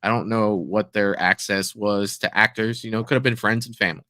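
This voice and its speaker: A man's voice: lowish voice, steady tone, a little fast, sharp tone. A man co-hosting a fan-film review show, speaking in an easygoing casual chat full of hedges. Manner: easygoing, hedging with "you know". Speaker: co-host reviewing fan films.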